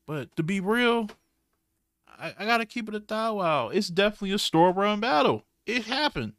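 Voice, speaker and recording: A man hosting a podcast, giving a blunt, slangy, animated recap with frequent restarts. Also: sits high, moderate pace, dry recording. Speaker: podcast host. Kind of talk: casual recap commentary.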